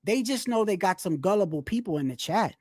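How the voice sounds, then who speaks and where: A woman's voice: mid-range voice, lively intonation, a little fast, a little mellow, no echo, studio quality. A woman hosting a live boxing commentary stream, ranting bluntly with frequent swearing and restarts.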